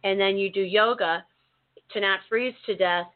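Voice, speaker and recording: A woman co-hosting a talk show, telling a story in a casual, animated way with many restarts. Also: mid-range voice, moderate pace. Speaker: co-host. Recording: narrow phone-like sound.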